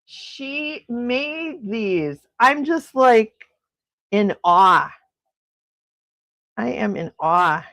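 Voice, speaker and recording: A woman's voice: lowish voice, fairly bright tone, no room sound. A middle-aged woman hosting a casual morning livestream chat, gushing and laughing often as she reads viewer comments. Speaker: livestream host.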